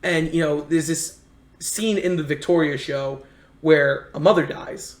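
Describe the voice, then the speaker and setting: Gravelly American man telling stories. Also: fairly high pitch. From United States. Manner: earnest, rambling anecdotes with many restarts. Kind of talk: casual storytelling chat. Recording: echoey room.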